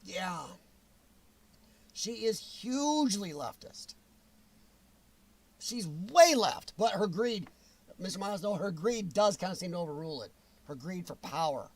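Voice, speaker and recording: A man's voice: sits high, expressive, unhurried, long pauses. A man hosting an opinionated livestream, talking bluntly and reacting to viewer comments in a ranting manner. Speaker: show host reading chat.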